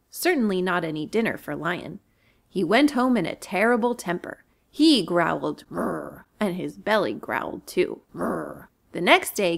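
A woman's voice: mid-range voice, creaky. A children's librarian, a woman, reading a storybook aloud to children with expression. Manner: expressive, animated.

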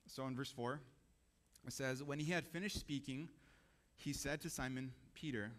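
A man's voice: medium pitch, moderate pace, a bit bright. A man giving a sermon in a church, talking casually and asking the audience questions. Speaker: preacher.

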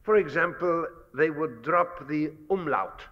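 A man giving a measured, scholarly public lecture, pausing often with fillers. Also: fairly high pitch, expressive, fairly bright tone. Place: lecture hall. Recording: dull archival 1960s lecture recording with long hall reverb.

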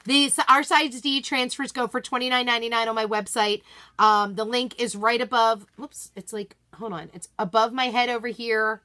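A woman's voice: a little high, fairly even intonation, moderate pace, bright, forceful tone. A woman hosting a live craft unboxing stream, bubbly and gushing, greeting viewers by name in casual chat from her desk at home.

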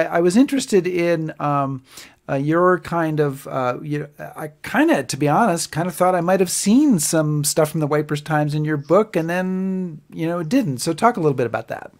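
A man hosting a casual history chat on a video call, talking in a wry, chatty way. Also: fairly high pitch. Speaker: host.

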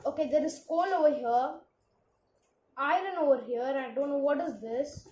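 A woman with a high voice rattles off casual commentary as she plays, jumpy and quick to exclaim. Her voice bounces around a roomy, echoey space with a faint hiss underneath. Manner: excitable, frequent exclamations. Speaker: gaming channel host.

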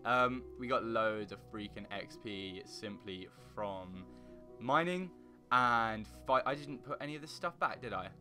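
At a measured pace, a young gaming YouTuber offers rambling, silly commentary as he plays the block-building game Minecraft. Sometimes he breaks into loud, high singing or goofy noises, and faint guitar music sits underneath.

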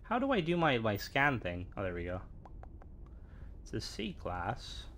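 A man's voice: fairly low pitch, wildly swooping pitch, unhurried, a bit bright, slight background noise. Rambling young male game streamer. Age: young adult. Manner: rambling, many fillers, playful asides. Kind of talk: casual chat while gaming.

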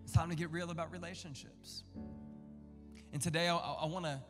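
A man preaching a sermon as pastor, with animated, humorous storytelling and prayer. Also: a little high, a little fast. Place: church sanctuary. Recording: music and a long hall echo.

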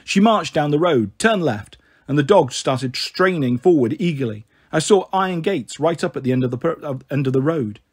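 A man reading a children's storybook aloud, expressive and voicing each character. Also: fairly high pitch, moderate pace, breathy edge. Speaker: audiobook narrator.

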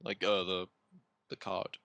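Gravelly, dry-sounding player man. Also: low-pitched, flat delivery, slow pace, pushed and bright, no room sound. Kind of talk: casual tabletop game banter.

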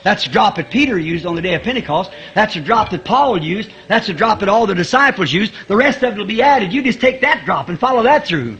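A man preaching a fervent sermon, chuckling often and rising to shouts at high points. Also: animated, brisk, hardly any pauses.

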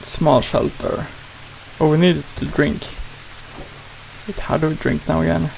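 A man's voice: on the high side, little pitch movement, a little slow, gravelly, darkish tone, slight background noise, low-quality recording. A man hosting a gaming channel, giving playful, exclamatory let's play commentary and talking to his character.

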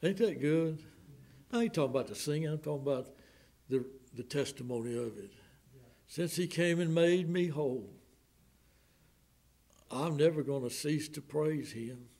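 A man with a Southern American accent preaching a sermon in a church, swinging from loud outbursts to hushed, slowed lines. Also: on the high side. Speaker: pastor. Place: church sanctuary.

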